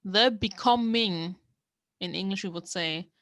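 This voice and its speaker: A woman's voice: mid-range voice, unhurried, fairly bright tone, dry recording, studio quality. A young woman from Germany, giving a casual language lesson and explaining a manga text word by word as she thinks aloud. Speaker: language learner teaching from a manga.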